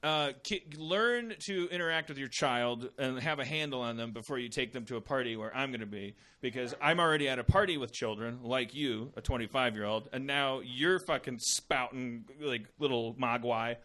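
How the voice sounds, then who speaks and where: A man's voice: mid-range voice, moderate pace, hardly any pauses, bright, forceful tone. A man in his forties hosting a podcast, delivering a profane, exasperated comedic rant and breaking into mocking voices. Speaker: podcast host.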